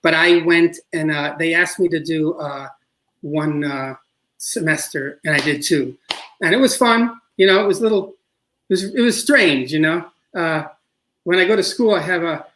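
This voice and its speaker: Middle-aged man, New York accent, slightly high voice, rambling casual interview talk. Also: moderate pace, fairly bright tone, rough recording. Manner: rambling, many restarts and "you know". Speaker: filmmaker guest.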